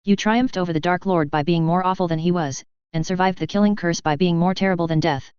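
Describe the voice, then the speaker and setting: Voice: medium pitch, fast, darkish tone, smooth, dry recording, close to an everyday voice. A narrator voicing a strict, precise older woman professor in an audiobook reading. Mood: stern. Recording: dry, slightly dull audio.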